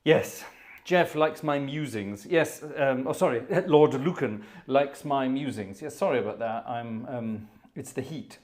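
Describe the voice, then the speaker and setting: A man's voice: mid-range voice, a little slow, a little mellow. A man hosting a live organ music stream, chatting casually between pieces in a jovial, rambling way with chuckling asides, in a hot indoor room. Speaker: organist and livestream host.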